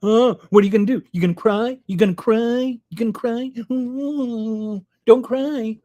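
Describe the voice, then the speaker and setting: Man doing a high, sneering kindergarten bully, singsong taunts. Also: measured pace, warm tone. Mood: taunting. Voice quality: mocking, singsong. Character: taunting schoolyard bully, male child.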